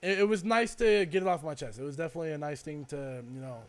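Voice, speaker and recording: A young man with a notably high voice talks through a casual podcast chat. He rambles and circles back, leaning on fillers as he reflects. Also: quick pace. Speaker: podcast co-host.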